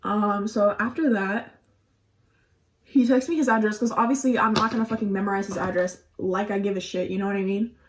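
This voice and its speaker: A young adult woman tells a casual storytime on her vlog, chatty and profane, saying "like" constantly. Her voice is mid-range and steady, and she talks fairly quickly.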